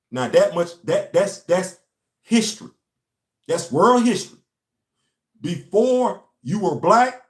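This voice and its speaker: A young man from the United States hosting an impassioned monologue, emphatic and preachy, repeating his key lines. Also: high-pitched. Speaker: host. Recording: echoey room.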